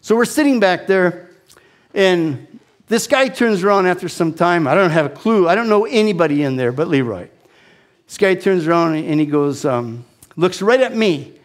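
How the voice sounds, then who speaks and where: A man in his sixties telling a personal testimony as an animated, self-deprecating storyteller with frequent restarts. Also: high voice, moderate pace. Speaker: speaker giving a testimony.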